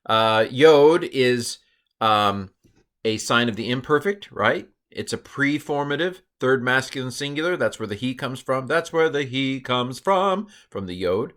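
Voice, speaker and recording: Middle-aged male teacher, chatty and playful, bright voice, explaining Hebrew grammar. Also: medium pitch, lively intonation, a little slow. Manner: chatty and self-correcting, with playful asides. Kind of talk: recorded lesson walking through slides.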